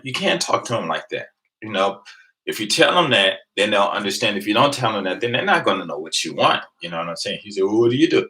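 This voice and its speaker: A man, casually telling a rambling, animated story to his live viewers and laughing along the way. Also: fairly low pitch, brisk, rough recording. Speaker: vlogger on a live stream.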